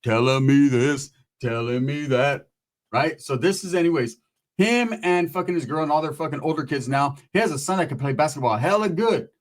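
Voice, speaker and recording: Casting: male comic storyteller, rambling and profane, voice on the higher side. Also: animated, a little fast. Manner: profane, rambling, slips into impressions of relatives. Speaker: comedic storyteller. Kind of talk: casual comedic storytelling monologue.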